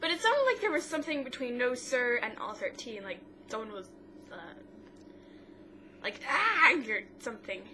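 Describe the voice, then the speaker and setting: A woman with a fairly high voice talks through a TV episode as she co-hosts a casual podcast. She quotes each line in turn and often stops to restart. A steady hiss of noise sits under her voice throughout. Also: moderate pace. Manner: retells scenes quote by quote, with frequent restarts. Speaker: co-host of a mother-daughter podcast. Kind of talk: casual chat recapping a TV episode.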